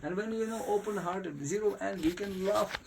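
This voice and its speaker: Animated man giving a devotional talk. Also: sits high, fairly quick, creaky, a little hiss or hum. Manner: animated storytelling, laughing. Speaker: spiritual teacher. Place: private house.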